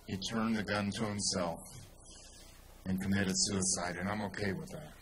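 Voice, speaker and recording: A man with a Texan accent telling a story in a speech to a crowd, rising to loud, emphatic peaks. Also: deep voice, steady tone, moderate pace, background noise. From Texas. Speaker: speaker at a rally.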